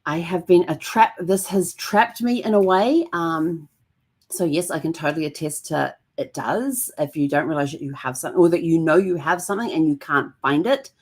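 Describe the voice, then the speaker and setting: A woman with a somewhat low voice hosts her own vlog in casual storytelling mode. She chats freely, laughs often, and acts out the dialogue in her anecdotes. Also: moderate pace. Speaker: vlog host.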